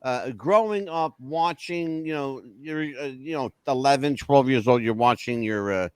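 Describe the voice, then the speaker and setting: A man's voice: medium pitch, a little slow, clean tone, no room sound. A man hosting a talk show, asking rambling questions and joking in a folksy way. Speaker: host. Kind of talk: casual talk interview.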